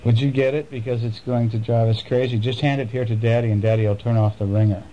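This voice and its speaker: A father reading a bedtime storybook to his children at home, chatting gently and coaxing them with questions. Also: mid-range voice, steady tone, fast talker, highs cut off, a little hiss or hum.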